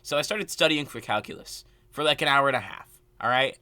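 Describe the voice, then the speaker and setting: A young man telling a casual storytime rant, animated and exasperated, full of filler words. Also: medium pitch, brisk, no echo. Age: young adult. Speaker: vlogger.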